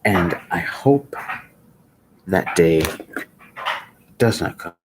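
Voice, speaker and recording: Slow, deep-voiced sleepy man. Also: lively intonation, background noise. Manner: slow, halting, repeats himself. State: sleepy, yawning. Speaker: livestream commentator. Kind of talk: live commentary.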